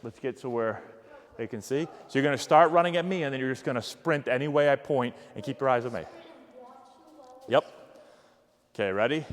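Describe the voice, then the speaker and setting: A man coaching youth agility drills, giving energetic, encouraging cues while demonstrating. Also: medium pitch, fast, long reverb tail. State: out of breath. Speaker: baseball coach.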